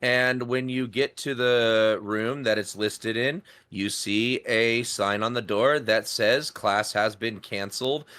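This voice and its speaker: A man running a tabletop game as game master, narrating scenes in a relaxed way. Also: mid-range voice, slow pace, few pauses, clear, resonant tone.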